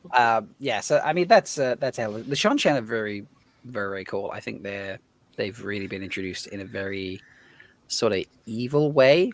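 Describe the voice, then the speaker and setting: A man's voice: on the low side, sing-song, normal speed. A man hosts a casual livestream chat with guests. He talks in a loose, rambling way, full of fillers and easy asides. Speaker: host.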